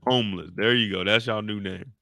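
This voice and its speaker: A man's voice: on the low side, steady tone, a little fast, bright, forceful tone, no echo, studio quality. A man giving casual, joking commentary as he recaps a TV episode, riffing in slang. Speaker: YouTube show recapper.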